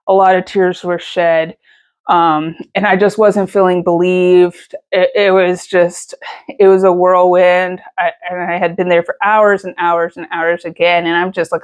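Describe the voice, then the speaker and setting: A woman, telling a personal story in a casual vlog, emotional and rambling with many fillers and restarts. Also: mid-range voice. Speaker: vlogger.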